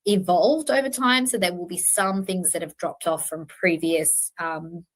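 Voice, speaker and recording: A woman's voice: on the low side, measured pace. A woman hosting a true-crime channel, talking casually to her viewers in an earnest, self-correcting way with many fillers.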